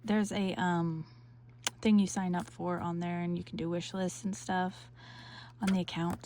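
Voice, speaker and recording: A woman hosts a crafting unboxing vlog, gushing and breathless, and at times she falls to a whisper. Her talk is unhurried, with a faint noise floor under the recording. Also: mid-range voice, fairly even intonation, warm tone. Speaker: crafting channel host.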